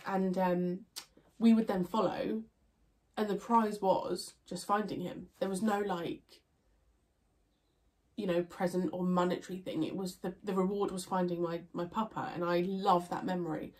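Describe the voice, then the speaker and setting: A woman's voice: on the low side, level tone, moderate pace, darkish tone. A young woman with a stuffy, nasal voice, chatting casually and answering viewer questions in a rambling way, with many fillers and restarts. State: congested, nasal. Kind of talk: casual Q&A chat.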